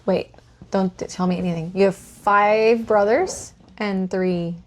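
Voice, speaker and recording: A woman's voice: mid-range voice, fairly even intonation, unhurried. Curious woman interviewing her co-host. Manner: curious, encouraging questioning. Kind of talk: casual podcast interview.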